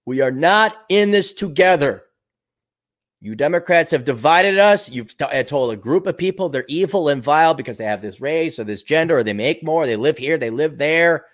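A man's voice: a little high, lively intonation, normal speed. A man hosting a podcast, giving a sarcastic, profane, combative rant on the news and mocking the people he talks about. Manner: mocking, laughs at his own jokes. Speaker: podcast host. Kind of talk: ranting news commentary.

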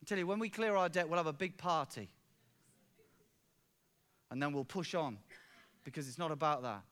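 Middle-aged pastor preaching, high bright voice, fervent, goes quiet then loud. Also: male voice, moderate pace. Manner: fervent, storytelling, swings from hushed to exclaiming. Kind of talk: sermon.

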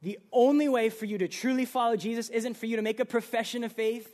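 A young man preaching a sermon in a casual, animated way, with everyday slang. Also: extremely high pitch, fast. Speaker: pastor.

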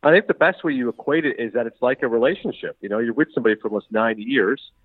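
A middle-aged man from Canada, a sports broadcaster chatting as a guest in an interview, who talks quickly and acts out the dialogue he quotes. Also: medium pitch, husky, dry recording. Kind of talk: casual interview chat. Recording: tinny phone-like line.

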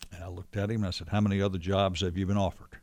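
A man's voice: low voice, flat delivery, rapid-fire, a little mellow, no echo. A man casually recounting memories of an old friend, rambling with restarts and quoted dialogue. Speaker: storyteller guest recalling a friend. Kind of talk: casual conversational storytelling.

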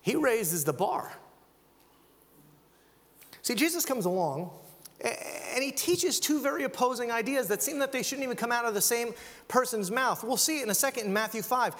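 A man preaching a sermon, animated, acting out quoted voices as he talks. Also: very high-pitched, moderate pace, long reverb tail. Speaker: pastor.

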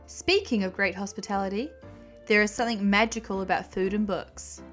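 Gentle woman storyteller reading a children's book aloud, faint music behind. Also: mid-range voice, fairly even intonation, a little fast.

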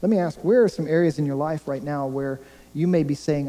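Man, pastor, sermon, very warm dark voice, fairly high pitch, earnest emphatic repetition, long echo of a big church hall. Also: fairly even intonation, fairly quick. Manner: earnest, emphatic preaching with repeated phrases. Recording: long reverb of a large hall.

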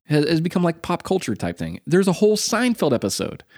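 Podcast co-host, male, American, fast and lively storyteller, dry close sound. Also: a little high, no room sound. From United States. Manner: animated storyteller, acts out quotes. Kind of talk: casual podcast chat.

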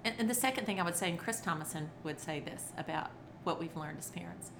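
A woman's voice: on the low side, fast talker, gravelly, noisy background. A middle-aged woman, a children's entertainer and author, telling stories expressively in conversation and acting out quotes. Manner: expressive, acts out quotes, laughs often. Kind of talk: animated storytelling in conversation.

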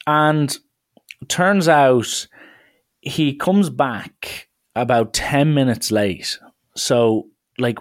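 Guy in his twenties, rambling story, chatty, mid pitch voice. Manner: lively, chatty, lots of "like" fillers. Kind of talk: casual anecdote telling.

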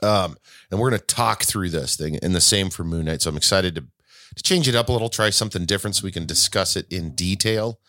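A man's voice: deep voice, fast, bright, forceful tone, no echo, clean studio sound. A man hosting his podcast alone, talking casually and rambling with frequent restarts. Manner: rambling, self-correcting, chatty. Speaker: podcast host. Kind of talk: casual solo podcast talk.

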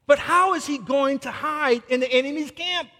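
High-pitched guy preaching a sermon, goes big and loud then drops real quiet, long echo in a hall. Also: moderate pace. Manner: dramatic, swings from loud declarations to hushed asides. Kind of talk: expository sermon on scripture.

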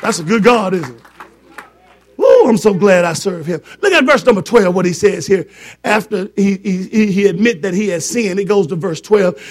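A man's voice: high voice, lively intonation, moderate pace. A man preaching a fervent sermon, repeating words for emphasis and joking with his congregation.

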